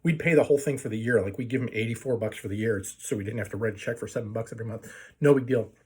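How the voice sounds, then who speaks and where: A man with a husky voice and a medium pitch tells a story to his viewers in a loose, rambling way. He swears freely and often stumbles and restarts. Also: racing, darkish tone. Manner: rambling, profane, full of fillers and restarts. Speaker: video blogger telling a story. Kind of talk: casual storytelling rant.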